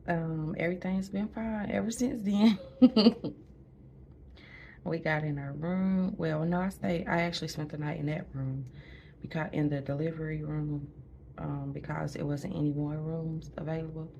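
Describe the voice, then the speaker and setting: A woman with a low voice tells her birth story in a hospital room. She is chatty, laughs often and sometimes drops to a near whisper. Faint room noise hums behind her. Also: vocal fry, warm tone. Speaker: new mother recounting a birth. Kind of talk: casual storytelling to camera.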